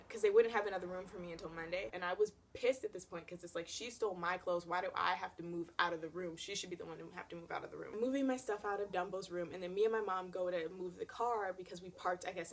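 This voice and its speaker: Animated young woman telling a story. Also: fairly low pitch. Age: young adult. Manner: animated and dramatic, heavy use of "like". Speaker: vlogger. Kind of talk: casual storytelling.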